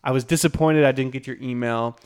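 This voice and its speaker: A man's voice: mid-range voice, steady tone, brisk, clear, resonant tone. A young man co-hosting a podcast, telling a story in a casual, chatty, self-deprecating way with lots of fillers. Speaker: podcast co-host.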